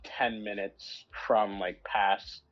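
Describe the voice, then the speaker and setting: Man narrating a tabletop game, low voice, rambling, repeats himself, lo-fi audio. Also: flat delivery, slow pace, fairly bright tone. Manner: rambling, repeats words, restarts a lot. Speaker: game master. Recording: dull lo-fi audio with faint music.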